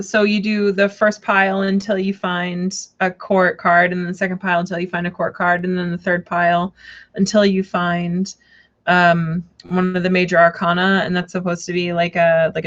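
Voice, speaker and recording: Lady chatting on a tarot livestream, kinda rambly, lots of um and like, low voice, dull lo-fi sound. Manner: rambling, chatty, full of fillers and self-corrections. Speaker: tarot reader and shop owner hosting a live stream. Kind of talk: casual live-stream chat. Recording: dull lo-fi stream audio.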